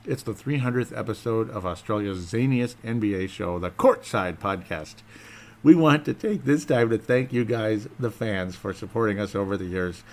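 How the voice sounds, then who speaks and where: A man with a fairly low voice talks to his listeners in a loose, rambling way. He jokes at his own expense and wanders off topic in a casual solo podcast. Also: normal speed. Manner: rambling, self-deprecating, jokey. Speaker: podcast host.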